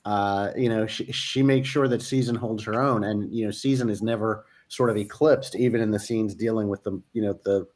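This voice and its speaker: A man's voice: lowish voice, fairly even intonation, normal speed, few pauses, darkish tone. A man talking as a guest in a casual interview chat, enthusiastic and full of fillers. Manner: enthusiastic, laughs often, many fillers. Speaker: series creator guest.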